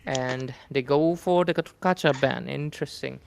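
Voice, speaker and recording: Gravelly-voiced man casting an esports draft. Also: medium pitch, normal speed, background noise. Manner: relaxed, joking, easygoing. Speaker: esports caster. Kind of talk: live game commentary.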